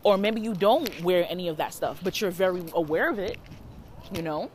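A woman tarot reader telling a story in a casual vlog, animated, dramatic and full of swearing. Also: fairly low pitch, fairly quick, slight background noise.

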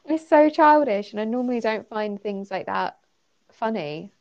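Giggly woman with a gravelly voice. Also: a little high, lively intonation, moderate pace, darkish tone. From United Kingdom. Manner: giggly, chatty, with many fillers. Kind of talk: casual chat reviewing a story. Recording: slightly muffled lo-fi recording.

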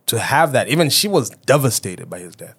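Animated storytelling podcast man. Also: medium pitch, brisk, breathy edge. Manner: animated storyteller, acts out quoted voices, swears. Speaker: podcast co-host. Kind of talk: casual chat.

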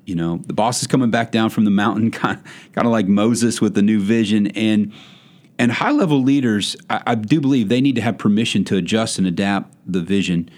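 Low-voiced folksy male host. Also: fairly quick, a little mellow. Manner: folksy, thoughtful questioning. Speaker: podcast host. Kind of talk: podcast interview.

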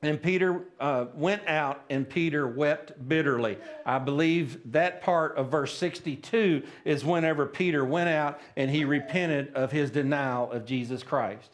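A man's voice: a little high, unhurried, hardly any pauses. A man preaching a sermon at a church service, plain-spoken and folksy, often checking in with the congregation. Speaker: pastor.

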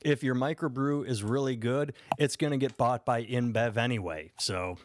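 A man's voice: mid-range voice, normal speed, slight background noise. A man hosting a casual podcast chat, telling a story and thinking aloud as he goes.

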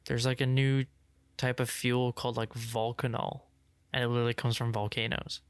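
A young man co-hosting a casual podcast, rambling with lots of "like" and restarts while explaining things he's excited about. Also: mid-range voice, moderate pace, clean tone, no echo. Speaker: podcast co-host. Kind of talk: casual chat.

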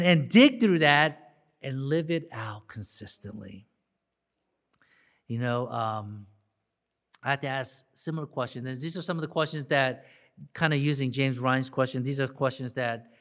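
A man's voice: mid-range voice, a bit bright. A man preaching a sermon, conversational and then building to emphatic peaks, with frequent restarts. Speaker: pastor.

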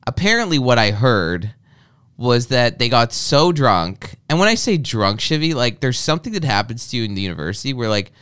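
Young man, casual raunchy storyteller, smooth tone, expressive delivery. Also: mid-range voice, fairly quick. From Canada. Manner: animated, profane, jokey. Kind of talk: casual crude storytelling chat.

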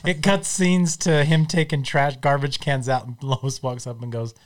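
A man's voice: medium pitch, fairly even intonation, normal speed. Man, casual podcast chat, storytelling, laughs along. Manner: retells cartoon scenes, laughing at own jokes. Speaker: podcast co-host.

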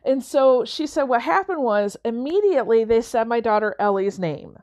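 A woman's voice: on the high side, moderate pace, a little mellow. A woman telling a personal story about coaching and mentoring, chatty, with fillers and acted-out quotes. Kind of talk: conversational storytelling talk.

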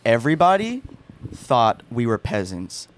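A man's voice: medium pitch, big pitch swings, measured pace, slight background noise. A young man, a podcast guest, telling a story in a rambling casual chat full of fillers and restarts. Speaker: podcast guest, haunt performer.

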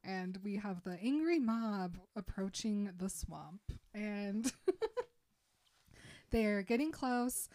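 Brief: young woman co-host, mid-pitched, loose storyteller who leans on "like" and giggles. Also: very slow. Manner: relaxed storytelling with many "like" fillers, giggles. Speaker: podcast co-host. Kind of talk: casual chat retelling a story.

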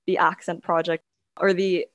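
A woman's voice: on the low side, little pitch movement, normal speed, fairly bright tone, no echo, dull audio. A woman interviewing a guest, asking polite, encouraging follow-up questions.

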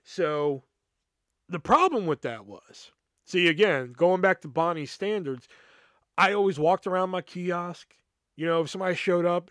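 A man's voice: a little high, lively intonation, normal speed, a bit bright, no room sound, clean studio sound. A man hosting a podcast, telling a rambling, profane story about an old job and acting out the people in it. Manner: rambling, profane, acts out quotes. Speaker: podcast host. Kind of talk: casual storytelling.

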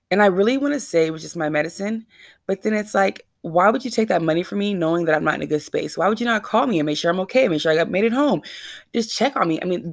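Speaking straight to her viewers at a medium pitch, a woman vlogger shares a casual confessional story that rambles, sounds anxious and keeps questioning herself. The sound is clean studio audio with no room sound.

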